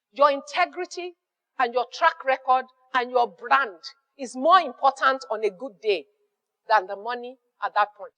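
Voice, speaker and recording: A woman's voice: sits high, long reverb tail. A woman with a Nigerian accent giving emphatic business advice as a mentor, repeating key phrases and acting out little exchanges with customers. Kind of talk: motivational business advice talk.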